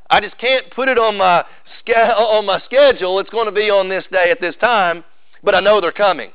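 A man preaching a sermon as pastor, moving from loud emphasis to hushed, drawn-out intensity. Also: a little high, no echo. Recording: slightly dull, dry sound.

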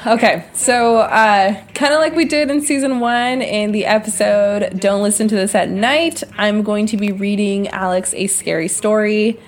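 A woman's voice: mid-range voice, moderate pace, few pauses, a little hiss or hum. A woman co-hosting a casual podcast, giggly, who stumbles over words as she reads a scary story aloud. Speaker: podcast co-host.

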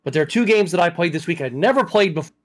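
A man with a fairly high voice hosts a casual chat podcast. He tells stories in a chatty, easygoing way and often restarts his sentences. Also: lively intonation, very fast. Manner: chatty storyteller with frequent restarts. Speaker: podcast host.

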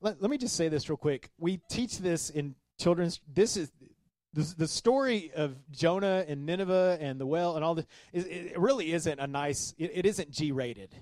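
A man preaching a sermon as pastor, reading scripture and commenting with animated asides. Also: a little high, normal speed, no room sound. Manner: animated, acts out the sailors' voices.

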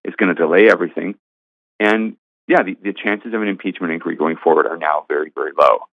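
A man with a very deep voice makes his case firmly and emphatically as a guest commentator. His voice is dry and tinny, as if coming down a phone line. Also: fast, no room sound. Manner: emphatic, argumentative. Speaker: guest commentator, senior editor. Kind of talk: political commentary interview.

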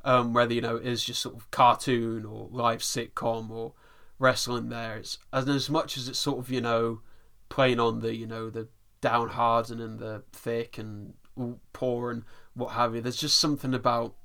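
A man's voice: medium pitch, little pitch movement, moderate pace, vocal fry, sharp tone. A man co-hosting a podcast, chatting casually in a rambling way with lots of fillers. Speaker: podcast co-host. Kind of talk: casual chat.

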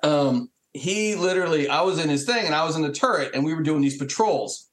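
A man, a military veteran and podcast guest, telling profane war stories in a lively, animated way and acting out the quotes. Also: fairly high pitch, a little fast. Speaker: guest, Marine Corps veteran. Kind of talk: casual profane storytelling. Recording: roomy echo.

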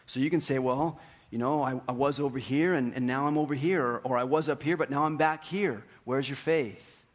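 A pastor in his fifties preaching a sermon, telling stories with animation and dropping to hushed, repeated questions. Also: medium pitch. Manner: animated storytelling, swings from hushed questions to lively retellings. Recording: long hall reverb.

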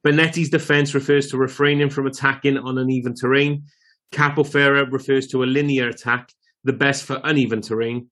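A man's voice: medium pitch, flat delivery, a little fast, a bit bright. A man co-hosting a podcast, reading out trivia and commenting in a dry, wry way. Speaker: podcast co-host. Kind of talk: casual chat, reading trivia.

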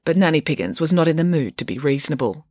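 A woman's voice: sits low, animated, fast talker, a little mellow, no room sound. A woman, the author, reading her own comic children's story aloud in a dry, wry manner.

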